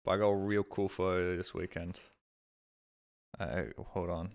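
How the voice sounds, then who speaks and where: A man's voice: low-pitched, flat delivery, measured pace, a little mellow. Sweary, rambling male streamer. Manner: rambling, sweary, self-deprecating. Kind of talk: casual live-stream chat.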